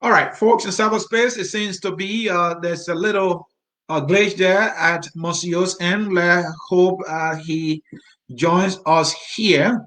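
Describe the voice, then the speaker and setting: A man's voice: sits high, steady tone, takes it slowly, fairly bright tone, low-quality recording. A man hosting a talk show, putting probing questions to a guest. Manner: probing, reads out quotes, brief backchannels. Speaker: host.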